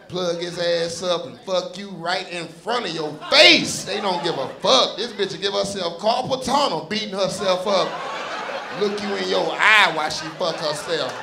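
A man from Dallas doing profane, animated stand-up storytelling on a comedy club stage into a handheld mic. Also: fairly high pitch, moderate pace, vocal fry. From Dallas, Texas. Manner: profane, animated, punchy delivery. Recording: echoey club with crowd noise.

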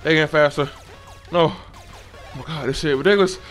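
A young man giving loose, profane, excitable commentary while playing a game. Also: on the high side, moderate pace, soft background music. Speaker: gamer. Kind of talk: casual gameplay commentary.

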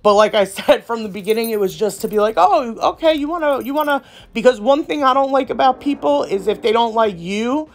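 A woman's voice: fairly high pitch, a little fast, few pauses. A woman nail artist and brand ambassador chatting casually to her viewers, rambling, slangy and outspoken. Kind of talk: casual vlog chat to viewers.

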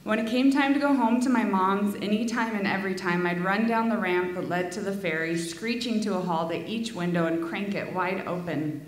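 A woman reading a heartfelt memorial tribute to her father, with soft laughs between lines, in a school auditorium. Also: medium pitch, moderate pace, hardly any pauses, a little hiss or hum. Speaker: daughter giving a eulogy. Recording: echoey hall.

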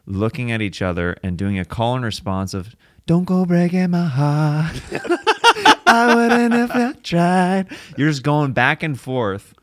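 A playful male podcast host telling road stories in a dry, close-miked sound. His pitch swings widely, and he bursts into silly singing. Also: fairly bright tone, no echo. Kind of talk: casual comedy podcast chat.

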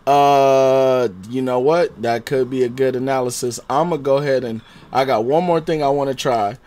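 A man streaming a game live, chatting casually with viewers in slang and swinging from low muttering to loud outbursts. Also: fairly even intonation, moderate pace. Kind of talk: live gameplay commentary.

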